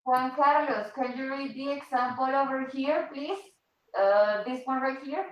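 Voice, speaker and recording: Woman, English teacher, patient, high voice, echoey room. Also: a little slow, far from the mic, dull audio. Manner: patient, switches to Spanish to explain. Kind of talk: online English class.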